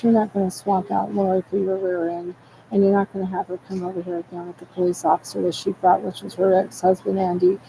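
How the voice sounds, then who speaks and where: A woman's voice: mid-range voice, gravelly, warm tone, slight background noise, poor audio. A tearful woman in a rambling, distressed monologue, agitated and repetitive, swearing as she talks.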